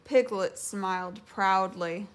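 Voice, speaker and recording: Gently and at a measured pace, a woman with a medium-pitched voice reads a children's storybook aloud.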